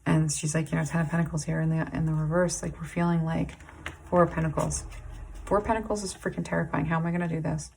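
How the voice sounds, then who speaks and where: A woman giving an intuitive tarot reading to camera, halting and rambling with many "like"s and restarts, emotionally intense and pausing to sigh and breathe. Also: low voice, level tone, creaky, darkish tone, slight background noise. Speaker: tarot reader.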